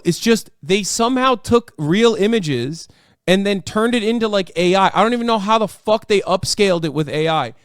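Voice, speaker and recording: A man's voice: high-pitched, lively intonation, moderate pace, clear, resonant tone, no room sound, clean studio sound. A man hosting a livestream, reacting in casual, profane and incredulous commentary. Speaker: livestream host.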